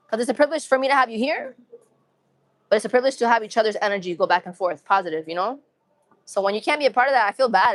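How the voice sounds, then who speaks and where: Speaking fast in a slightly high voice with no room sound, a young Massachusetts woman with a New England accent chats upbeat and casually with her livestream viewers. She uses some urban slang and tends to repeat phrases.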